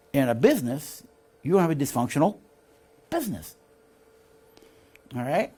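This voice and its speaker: A man with a high, slightly rough voice teaches a leadership course in a recorded lecture. Reading text passages and explaining ideas, he stays animated and seeks the audience's agreement with "see?" and "all right?".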